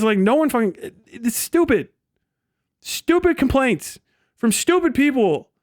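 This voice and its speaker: A man's voice: on the high side, dry recording, studio quality. A man streaming live, ranting sarcastically and swearing constantly. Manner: sarcastic and mocking. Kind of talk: profane livestream rant.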